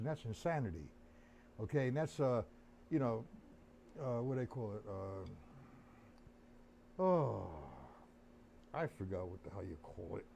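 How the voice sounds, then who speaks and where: A man's voice: medium pitch, dark tone, slight background noise. A man teaching drums on a live stream, chatting loosely and answering viewers by name. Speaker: drum teacher. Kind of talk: live-streamed drum lesson.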